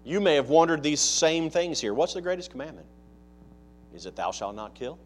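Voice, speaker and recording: Male pastor, slightly high voice, conversational sermon delivery full of rhetorical questions and loud-to-soft swings. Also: sing-song, normal speed.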